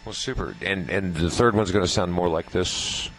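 A man hosting a casual interview, asking quick questions and cracking jokes. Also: low voice, a bit bright, a little hiss or hum, rough recording. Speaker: interviewer host.

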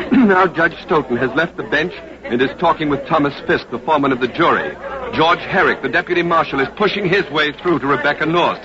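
An actor playing a radio reporter who describes a courtroom scene live in steady, vivid narration, on an old radio drama recording. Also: male voice, on the high side, close to an everyday voice. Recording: dull old radio broadcast over crowd noise.

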